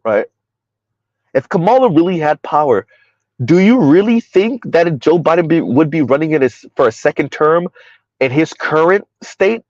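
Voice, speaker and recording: A fairly high-voiced man in a casual livestream commentary, firing off rhetorical questions and reading viewer chat as he goes. His pitch jumps up when he wants to sound incredulous. The audio is dry and a little dull and lo-fi. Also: darkish tone, no room sound. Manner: rhetorical, keeps asking "Right?", swings pitch up when incredulous.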